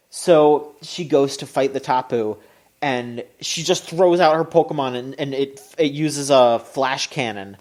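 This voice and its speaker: Animated podcast co-host recapping anime. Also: unhurried. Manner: animated and swearing, pitch jumping up when excited. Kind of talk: casual chat, recapping an anime episode.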